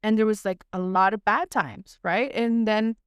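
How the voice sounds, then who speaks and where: A young woman with a smooth, clear voice talks earnestly and candidly, as in a heartfelt sit-down podcast chat. She runs her thoughts together in long stretches, leaning on "like" and "right?", and the sound is close and dry. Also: mid-range voice, fairly even intonation, normal speed, no echo. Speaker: podcast host. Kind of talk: casual heartfelt conversation.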